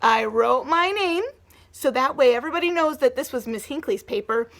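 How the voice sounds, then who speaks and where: Brief: woman teacher, high bright voice, gentle and encouraging with young kids. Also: animated, normal speed. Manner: gentle, encouraging, sing-song teacher talk. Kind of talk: remote lesson for young children.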